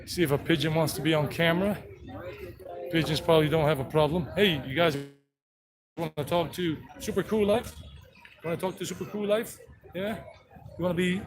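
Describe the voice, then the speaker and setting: Outdoors in a town square, a travel vlogger and tour guide gives a playful, chatty walking tour, even talking to animals along the way. His voice is fairly high, at normal speed with frequent pauses, and street noise fills the background.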